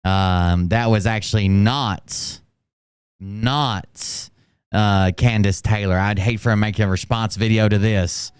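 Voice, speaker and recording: A man's voice: fairly low pitch, fairly even intonation, slow pace, clean tone, no echo. Sarcastic male reaction host. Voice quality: sarcastic, mocking. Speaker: commentary host. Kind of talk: reaction commentary.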